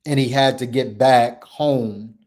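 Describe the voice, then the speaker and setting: A male show host gives an impassioned motivational talk in an emphatic, repetitive cadence like a preacher's, shifting between loud declarations and low, hushed passages. His tone stays steady and his pace is slow.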